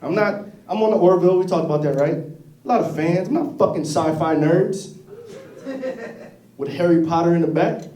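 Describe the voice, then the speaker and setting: A man doing a stand-up comedy set, telling stories in a profane, animated way. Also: fairly high pitch, moderate pace, pauses often. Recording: echoey room, distant mic.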